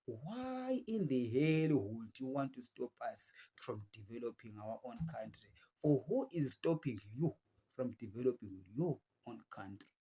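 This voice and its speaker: Fiery Zimbabwean man, higher-pitched voice. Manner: fiery, preachy, defiant, repeats phrases for emphasis. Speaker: political commentator. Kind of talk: impassioned political address to camera.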